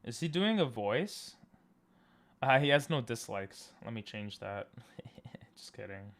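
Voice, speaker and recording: A young man streaming live, reacting to videos and teasing his chat in a goofy way, often sliding into a low mutter. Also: big pitch swings, slow, a bit bright.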